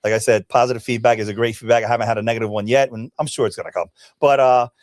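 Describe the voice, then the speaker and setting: Guy guest on a podcast, quick and friendly, medium pitch, dry sound. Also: fairly even intonation, darkish tone, dry recording. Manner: friendly, explains step by step. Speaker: guest, bodybuilder and event organizer. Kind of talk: casual podcast chat.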